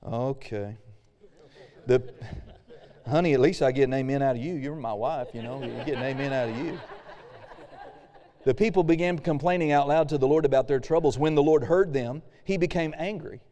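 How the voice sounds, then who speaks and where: A man's voice: medium pitch, moderate pace, mellow, dull audio. Man preaching in a reverberant hall. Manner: casual preaching with reading aloud and acted-out quotes. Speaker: pastor. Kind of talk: sermon.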